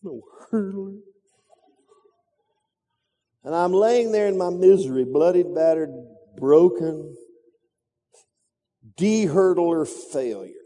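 A man's voice: high voice, takes it slowly, pauses often, mellow. A man preaching a sermon, telling a story dramatically with sound effects and repetition. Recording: reverberant hall.

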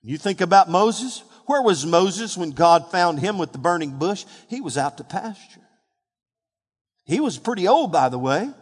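A man preaching a sermon, calling on the congregation to respond and rising to loud, emphatic peaks. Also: high-pitched, very animated, unhurried. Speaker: pastor. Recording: hall reverb.

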